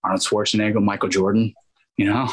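Male actor guest, thirties, husky and low, animated storyteller. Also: fast talker, rough recording. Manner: acts out quoted voices, many restarts and asides.

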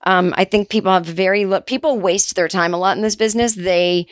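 A middle-aged woman hosting a comedy podcast, telling an absurd story in a casual, deadpan way with quick asides. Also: mid-range voice, no echo, clean studio sound.

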